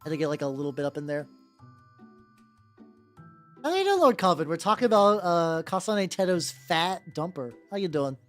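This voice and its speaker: Brief: lively, sing-song streamer with a mid pitch who rambles and swears, over faint background music. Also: moderate pace, long pauses. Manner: rambling, heavy on fillers, swears freely. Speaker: streamer painting miniatures. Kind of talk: casual live-stream chat.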